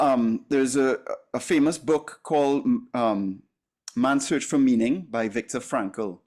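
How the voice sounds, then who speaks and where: A man's voice: mid-range voice, darkish tone. A man coaching a class, speaking in an earnest, emphatic way with frequent fillers and restarts. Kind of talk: teaching a masterclass.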